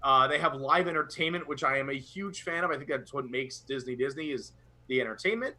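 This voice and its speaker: A man's voice: mid-range voice, a little fast, sharp tone. A young man co-hosting a casual live chat, talking with rambling enthusiasm. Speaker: podcast co-host.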